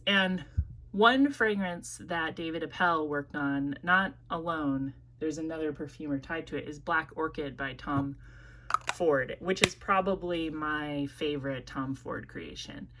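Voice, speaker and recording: A woman's voice: low-pitched, measured pace, pushed and bright. A woman with an American Midwest accent reviewing perfumes in a casual, rambling vlog, talking with many fillers and self-corrections.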